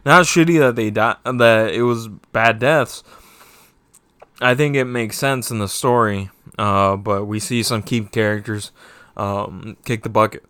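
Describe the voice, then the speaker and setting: A man's voice: lowish voice, a little slow, fairly bright tone, clean tone, no echo. A man giving a casual, rambling spoken review of a TV season, swearing often and getting heated. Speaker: show reviewer.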